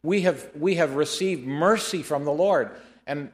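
A middle-aged man preaching a sermon, telling a personal story with animated delivery and slowing down to read scripture. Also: fairly high pitch.

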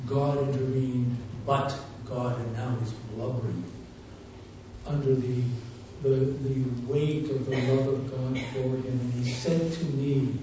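Fervent preacher in an echoey hall. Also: male voice, mid-range voice, fairly even intonation, slow, a little hiss or hum. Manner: fervent storytelling, swinging from hushed to loud. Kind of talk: sermon testimony. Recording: muffled, echoey, distant church recording.

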